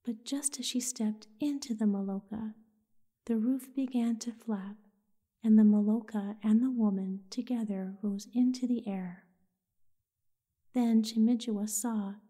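A woman with a breathy, half-whispered voice, softly narrating a soothing bedtime story. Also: fairly high pitch. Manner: soft, half-whispered delivery.

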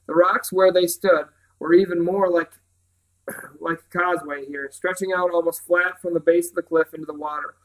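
A man's voice: high-pitched, steady tone, normal speed, a bit bright, low-quality recording. A man reading a children's novel aloud, carefully, with occasional slips and restarts. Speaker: reader.

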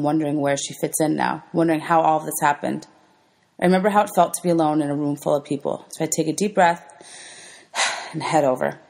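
A woman teacher reading a children's novel aloud to her students in a gentle, clear storybook manner. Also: low voice.

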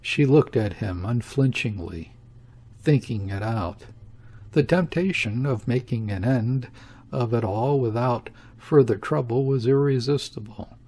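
Male audiobook reader, husky, slow and measured. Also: medium pitch. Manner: slow, measured, even reading. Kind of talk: scripted literary narration.

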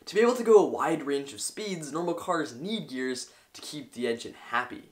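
A young man with a fairly high voice explains how cars work for a science video. His pitch rises and falls a lot as he talks, and he sounds eager and enthusiastic about the subject. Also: lively intonation, normal speed. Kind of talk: educational explainer.

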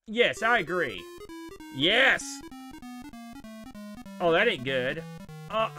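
A man giving casual, animated live-stream commentary while playing a retro game, exclaiming and joking at it. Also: high-pitched, very slow, over music.

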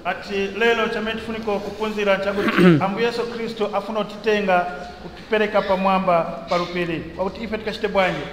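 A man interpreting a sermon in quick bursts, often restarting as he searches for words. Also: high-pitched, steady tone, echoey room, big-room sound, background noise.

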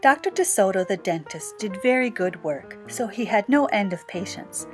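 A woman reading a children's picture book aloud with clear, expressive narration. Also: medium pitch, moderate pace. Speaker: storyteller. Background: background music.

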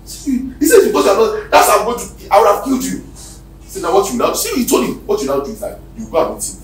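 Emphatic Nigerian pastor in an echoey hall. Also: male voice, high-pitched, huge pitch swings, fast talker. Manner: emphatic preaching, swinging from shouts to near-whispers. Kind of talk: sermon. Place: church hall. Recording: echoey hall, distant mic, faint noise.

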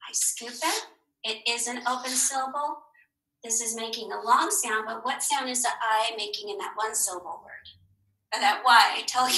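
Woman teacher, phonics lesson for kids, slow and patient, bright voice, echoey room. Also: a little high. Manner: slow, encouraging, asks questions and answers them herself. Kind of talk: recorded phonics lesson for young children.

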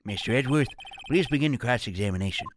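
A man's voice: medium pitch, expressive, quick pace, background noise, lightly acted. A man voicing an elderly, mildly bumbling male courtroom judge. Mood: formal. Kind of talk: reading game dialogue aloud.

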